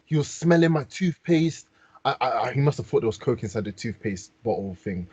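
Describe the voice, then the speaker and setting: A man's voice: mid-range voice, animated, brisk, darkish tone, slightly rough, no room sound. A man from London with a London accent, animatedly telling stories on a casual podcast, heavy with slang. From London, England. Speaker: podcast host. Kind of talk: casual storytelling. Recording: dull dry podcast mic.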